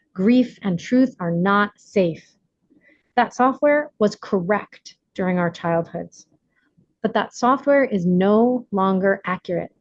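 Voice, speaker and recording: A woman reading her own self-help book aloud in an earnest, measured, deliberate way. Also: medium pitch, darkish tone, no echo, muffled recording.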